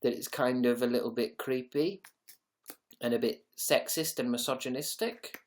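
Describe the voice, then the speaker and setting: A man's voice: medium pitch, moderate pace. A young man hosting a casual livestream, rambling and joking as he reads out viewers' comments, with plenty of swearing. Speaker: livestream host.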